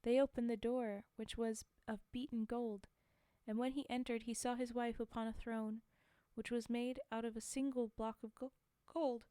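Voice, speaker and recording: Chatty woman reading fairy tales, mellow. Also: fairly high pitch, flat delivery, normal speed, smooth, no room sound. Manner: chatty asides to chat, frequent laughs. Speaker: storyteller streamer. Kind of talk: casual fairy tale reading on stream.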